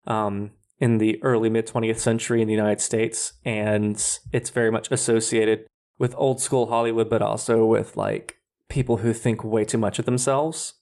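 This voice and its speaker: A man's voice: on the low side, little pitch movement, normal speed, darkish tone. A man co-hosting a podcast, explaining his views in a casual, hesitant way with frequent fillers. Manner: explanatory, hesitant with many ums. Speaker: podcast co-host. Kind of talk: casual chat.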